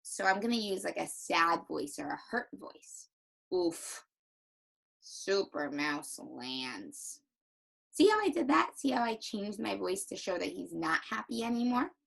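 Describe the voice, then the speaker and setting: A young woman teacher giving a recorded reading lesson to young children, with exaggerated, animated demonstrations. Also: medium pitch, normal speed, gravelly, few pauses, breathy edge, rough recording.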